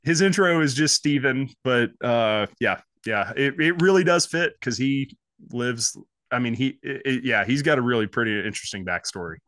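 A man's voice: mid-range voice, expressive, moderate pace, fairly bright tone, no room sound, studio quality. A man chatting as a podcast guest, rambling with lots of restarts and fillers. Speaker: podcast guest, fly-fishing business owner. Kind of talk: casual podcast chat.

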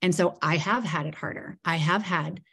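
Woman guest, lower register, chatty storyteller who keeps saying "like" and mimics what people said. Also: moderate pace, husky. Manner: animated storyteller who acts out quoted dialogue and leans on "like". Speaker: podcast guest. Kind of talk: casual storytelling interview.

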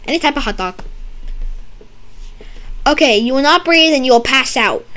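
A woman's voice: sits high, animated, normal speed, long pauses, slight background noise. Goofy young woman roleplaying a doctor. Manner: silly, goofy, teasing, with sudden loud outbursts. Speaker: roleplay gamer playing a doctor. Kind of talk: playful game roleplay banter.

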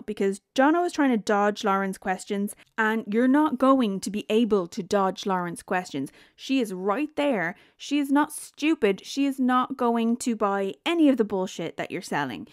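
A woman's voice: mid-range voice, no echo, studio quality. A young woman recapping a reality show in casual, blunt chat, swearing freely.

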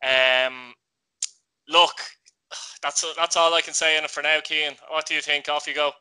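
A man with an Irish accent hosting a football vlog, talking indignantly in quick, broken phrases. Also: on the high side, little pitch movement, bright, forceful tone, clear, resonant tone, rough recording. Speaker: vlog host. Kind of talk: casual football chat.

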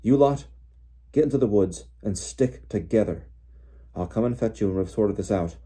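A man doing a shouting, urgent father. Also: deep voice, fast talker, breathy edge. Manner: shouting over noise. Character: urgent kindly middle-aged father.

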